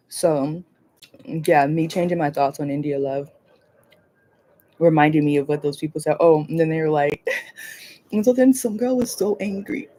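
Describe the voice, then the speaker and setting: Woman hosting a live hangout stream, chatty and all over the place, laughs a bunch, cusses, kinda soft mellow voice. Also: fairly low pitch, a little hiss or hum. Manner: rambling, animated, swears freely, laughs often. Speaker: livestream host. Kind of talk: casual livestream chat.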